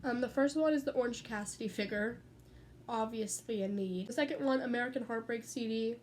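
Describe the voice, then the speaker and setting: A teenage girl in her bedroom tells stories for her vlog, chatty and sidetracked, with plenty of free swearing. Her fairly high voice is a little mellow and a little fast. A little hiss or hum runs in the background.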